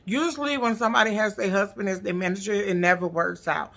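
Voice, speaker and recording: A woman's voice: medium pitch, fairly even intonation, quick pace, vocal fry, fairly bright tone. A woman recapping a reality TV episode in blunt, profane, sassy casual commentary. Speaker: TV recap vlogger.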